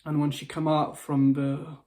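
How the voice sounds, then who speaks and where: A man's voice: on the high side, monotone, a little slow, dark tone. A male motivational speaker gives an upset, emotional video message. He pleads, repeats himself and restarts his phrases. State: upset, near tears. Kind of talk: impassioned personal video message.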